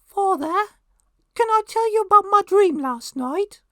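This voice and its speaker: A man voicing a prim, polite little English boy with an English accent and a high, piping voice. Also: animated, unhurried, no room sound, studio quality, exaggerated voice.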